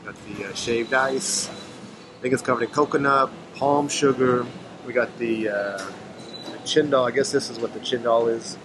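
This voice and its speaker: An American man chatting as he films his travels, thinking aloud with fillers, a bit hoarse. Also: medium pitch, normal speed. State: losing his voice. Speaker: travel vlogger. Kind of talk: casual travel vlog narration. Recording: noisy outdoor street sound.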